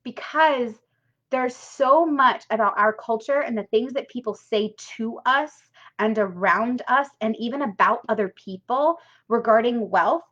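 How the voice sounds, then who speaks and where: A woman's voice: a little high, a little slow, fairly bright tone. A woman coaching a live money workshop, chatty and emphatic, often tagging on "right?" and casual swearing. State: tearful at times. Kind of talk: casual live-stream teaching. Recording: dull lo-fi live-stream audio.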